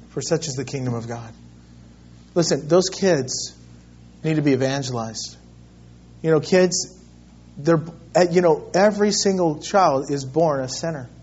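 A middle-aged man preaches in a high, husky voice, telling his story with animated swings between loud bursts and quiet asides. The sermon recording sounds dull and lo-fi. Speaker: pastor.

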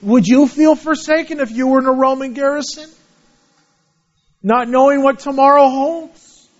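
A man's voice: extremely high pitch, normal speed, muffled recording. A man preaching a sermon, earnestly reading scripture aloud and explaining it. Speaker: pastor.

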